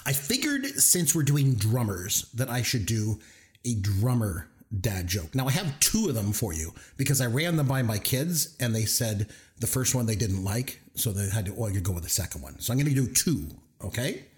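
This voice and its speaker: Brief: middle-aged male co-host, playful dad-joke type, lively pitch. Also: moderate pace. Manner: jokey, playful, tells dad jokes. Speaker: podcast co-host. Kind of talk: casual chat.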